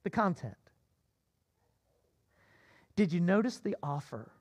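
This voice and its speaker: A man preaching a sermon as pastor, swinging between loud emphatic cries and low asides. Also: very animated, slow.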